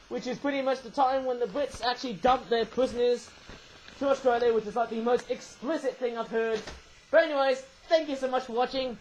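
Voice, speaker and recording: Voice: high voice, fairly even intonation, a little fast, slight background noise, rough recording. Chatty playful vlogger with giggles. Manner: chatty and playful, with frequent tag questions and giggles; exclaims and jokes loudly at mishaps. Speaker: toy review channel host. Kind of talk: casual toy review vlog.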